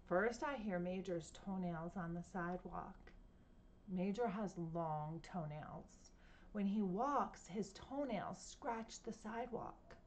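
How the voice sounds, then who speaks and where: A woman's voice: mid-range voice, slow pace, a little hiss or hum. A woman reading a picture book aloud to children at home, playfully imitating sounds and asking her listeners questions. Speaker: storytime reader.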